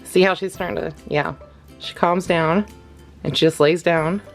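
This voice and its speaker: A woman's voice: fairly low pitch, steady tone, moderate pace, faint music behind. A woman giving a casual dog-training vlog lesson, chatty and laughing often as she coos praise at her dogs.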